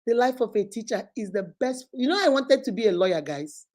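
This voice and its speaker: A middle-aged woman from Nigeria hosts a casual live question-and-answer chat. Her voice sits a little high yet sounds dark and mellow. She talks straight to her viewers with lively, animated delivery. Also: fairly quick. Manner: animated, acts out quoted voices, warm direct address.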